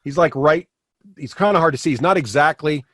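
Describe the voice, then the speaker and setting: Man as game master, fairly high voice, rambling with fillers, dry close sound. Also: fairly quick, fairly bright tone, dry recording. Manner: rambling, many fillers and restarts. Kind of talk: running a tabletop game.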